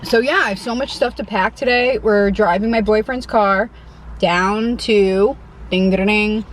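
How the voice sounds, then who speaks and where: A woman's voice: medium pitch, a little slow, poor audio. Young Connecticut woman, mukbang vlogger in her parked car, chatty and self-deprecating, faint hum behind. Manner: chatty and self-deprecating, eating between remarks. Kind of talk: casual eating vlog chat.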